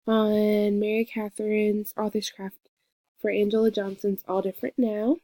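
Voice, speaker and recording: A young woman gives an earnest peer review of a classmate's book report, reading quoted lines slowly and pausing between them. Her voice is mellow and warm. The sound is close and dry, with no room echo. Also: mid-range voice, level tone. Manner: earnest, reads quoted passages slowly with pauses. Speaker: student giving a peer review. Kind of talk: reading aloud and commenting on a book.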